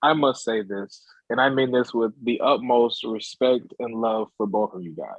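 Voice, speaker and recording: A man's voice: mid-range voice, moderate pace, husky, no echo, lo-fi sound. Emphatic man co-hosting a sports podcast. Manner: emphatic, insistent. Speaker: podcast co-host. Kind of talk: casual sports podcast chat.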